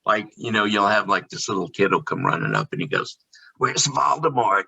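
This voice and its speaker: Male podcast guest, low and husky, candid storyteller, lo-fi audio. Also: sing-song, fast, bright, forceful tone. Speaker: podcast guest, theme park performer. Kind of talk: casual storytelling chat.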